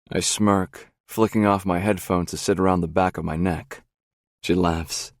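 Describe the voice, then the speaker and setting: Very deep-voiced brooding male narrator. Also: fairly even intonation, moderate pace, no room sound, clean studio sound. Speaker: audiobook narrator. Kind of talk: first-person romance audiobook narration.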